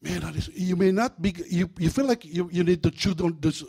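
A man preaching a sermon in a church, animated and humorous, breaking into acted-out voices. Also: sits high, a little fast, vocal fry, breathy edge. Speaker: pastor.

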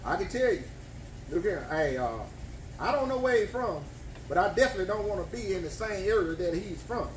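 A man loudly cheering on an eating challenge in a restaurant, whooping and repeating himself. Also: high voice, a little fast, recorded from a distance, slight background noise. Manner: excited, repetitive hollering and whooping. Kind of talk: loud cheering commentary. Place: bar and grill dining room. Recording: echoey restaurant room.

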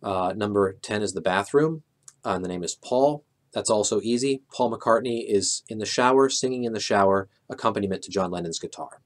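Man, middle-aged, low-ish voice, calm, methodical, explaining a memory technique. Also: fairly quick. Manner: calm, methodical, a few filler "uh"s. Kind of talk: explaining with walk-through examples.

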